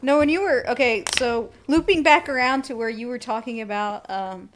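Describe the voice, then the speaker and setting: A woman's voice: a little high, normal speed, slight background noise. A young woman co-hosting a casual podcast, talking openly and animatedly, laughing often and acting out little voices as she tells stories. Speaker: podcast co-host. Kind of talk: casual chat.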